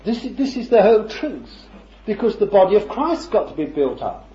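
A man preaches a sermon in a fairly high voice that leaps up and down with feeling. He keeps it conversational, throwing rhetorical questions at the congregation and chuckling along the way. The recording is dull and lo-fi, with a roomy echo. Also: big pitch swings, normal speed, mellow.

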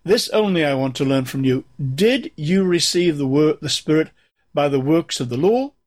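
A man preaching a sermon, explaining scripture and reading passages aloud in a measured, emphatic way. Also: a little high, lively intonation, a little mellow.

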